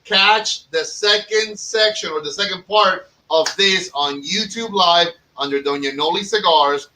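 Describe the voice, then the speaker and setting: A man hosts a laid-back podcast and runs through promotions in a joking, rambling way full of ums and uhs. His voice is bright and a little high. He sits back from the mic, and a faint hiss runs under it. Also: measured pace, far from the mic, poor audio. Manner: chatty, jokey, plugs promotions with filler words. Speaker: podcast host and cigar shop owner. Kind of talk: casual podcast chat.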